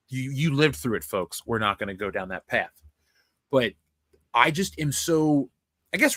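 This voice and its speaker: A young man co-hosting a casual film review chat, excitable and rambling, swearing freely. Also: mid-range voice, no room sound, studio quality. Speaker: podcast co-host.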